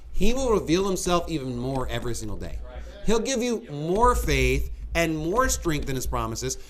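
A middle-aged man preaching a sermon in a folksy, animated way, with mocking asides and a conversational tone. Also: high voice.

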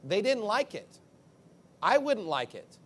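Emphatic high-voiced male preacher. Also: sing-song, slow. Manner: emphatic, conversational preaching with acted-out asides. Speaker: pastor. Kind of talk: sermon.

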